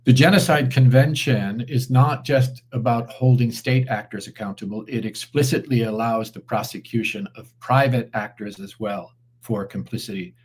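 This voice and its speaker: A man speaking as a guest commentator in a live online interview, measured and deliberate, with frequent fillers and restarts. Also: medium pitch, breathy edge.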